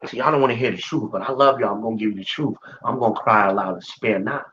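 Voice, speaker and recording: A man with a low voice teaches scripture informally and emphatically. He drives his points home by repeating phrases and addressing listeners directly. The recording sounds dull and lo-fi. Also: quick pace, a bit bright. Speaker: Bible teacher.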